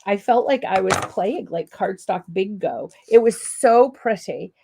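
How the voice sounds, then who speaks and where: Live-stream craft host: woman with a Canadian accent and a cold, slight gravel in her voice, chatty asides. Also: mid-range voice, lively intonation, measured pace, dark tone. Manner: rambling, friendly, lots of ums and asides. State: has a cold and cough.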